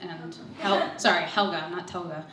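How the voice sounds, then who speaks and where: A woman's voice: on the low side, steady tone, normal speed, heavy background noise. A young woman telling a personal story on stage, nervous and self-deprecating, laughing through her lines. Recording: echoey hall, voice from far off.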